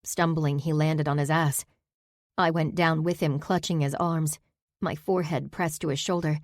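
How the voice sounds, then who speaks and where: Woman narrating a dark fantasy audiobook, deep-ish voice, intimate and emotional, dry close mic. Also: fairly even intonation, normal speed, no echo.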